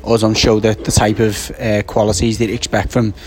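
A man's voice: lowish voice, flat delivery. A man, a little out of breath, co-hosting a casual post-match football reaction and stumbling over his words. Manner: halting, many restarts and fillers. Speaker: football podcast co-host.

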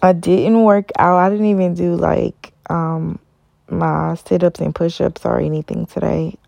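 A woman's voice: fairly low pitch, creaky, warm tone, no room sound, muffled recording. A tired woman hosting a casual solo podcast, rambling with many ums and stopping to correct herself. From Los Angeles area. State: tired, yawning. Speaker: podcast host.

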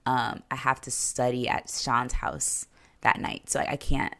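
A woman's voice: a bass voice, level tone, a little slow, creaky, fairly bright tone. A woman co-hosting a podcast, recapping a TV episode in casual chat, rambling with lots of fillers and sarcastic asides.

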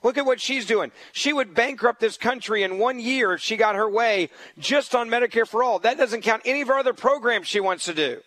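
Combative high-voiced male radio host. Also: brisk, hardly any pauses, a bit bright, no room sound, rough recording. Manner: emphatic, combative, repeats points for stress. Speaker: fill-in radio talk show host. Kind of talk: political talk radio monologue.

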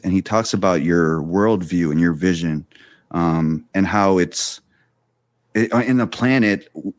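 A man hosting a podcast, thinking out loud in a relaxed way with loose restarts. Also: low voice, dry recording. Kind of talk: casual podcast conversation.

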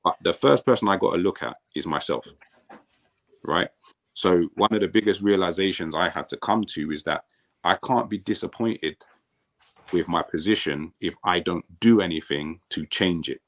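A man with a very low, deep voice talks easily as a podcast guest, a former pro footballer looking back on his playing days. He tells his stories in a relaxed, conversational way and often doubles up words when he starts a sentence. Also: moderate pace. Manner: relaxed storytelling, repeats words as he restarts. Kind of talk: casual podcast chat.

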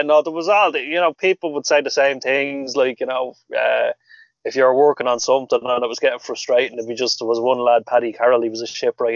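A man's voice: medium pitch, dry recording. Male co-host, rambling storyteller, laughs a lot, dry lo-fi recording. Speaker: podcast co-host. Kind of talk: casual chat. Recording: dull lo-fi sound, dry.

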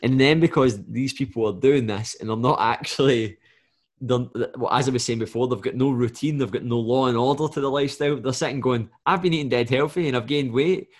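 A man's voice: mid-range voice, steady tone, fairly quick. Blunt, sweary man coaching on fat loss. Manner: blunt and swears freely, acts out clients' lines. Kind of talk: casual podcast chat.

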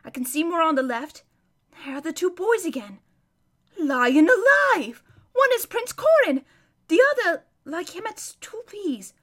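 A woman's voice: very high-pitched, very animated, a little slow, fairly bright tone, pitched above the performer's own voice, full character voice. A woman voicing an old male hermit who describes a distant battle as a vivid, emphatic running commentary. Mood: urgent.

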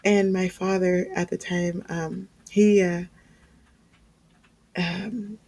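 A woman giving a sermon-style testimony, telling her story in a lively way with frequent laughs and fillers. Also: on the low side, slow. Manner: animated storytelling, laughs often, many fillers. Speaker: speaker sharing testimony.

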